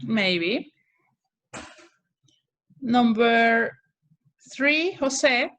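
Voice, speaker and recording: A woman's voice: on the high side, expressive, drawn-out words, fairly bright tone. A woman English teacher running an online class over a video call, patiently calling on students by name.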